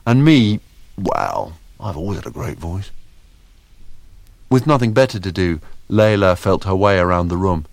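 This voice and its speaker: A man narrating an audiobook in a wry, expressive storytelling manner. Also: low voice, a little slow, no room sound.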